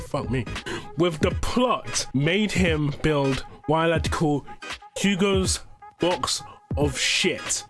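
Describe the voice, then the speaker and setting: A young man telling a gaming story to his channel in a rambling way, swearing and stumbling over his words. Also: fairly high pitch. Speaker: YouTuber. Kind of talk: casual storytime narration. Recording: background music under voice-over.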